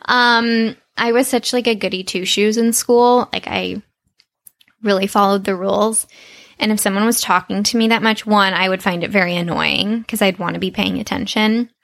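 A woman's voice: medium pitch, steady tone, normal speed, gravelly, a bit bright. A woman with a Southern US accent co-hosting a podcast in casual, chatty talk, laughing often. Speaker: podcast co-host. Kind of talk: casual chat.

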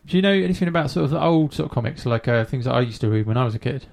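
A man hosting a casual podcast chat with children, asking gentle questions with many ums and uhs. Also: mid-range voice, animated, rapid-fire, creaky. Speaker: host.

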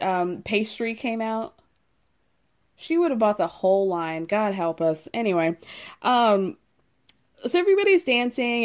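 A woman's voice: medium pitch, darkish tone. Sassy woman host recapping with wry asides. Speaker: podcast host recapping reality TV. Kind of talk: casual recap monologue.

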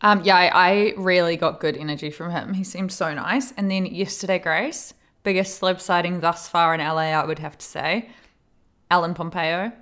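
A woman in her late twenties co-hosting a podcast, telling lively anecdotes and acting out what people said, swearing freely. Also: lowish voice, moderate pace. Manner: animated storyteller, acts out quotes, swears freely. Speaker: podcast co-host. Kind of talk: casual chat.

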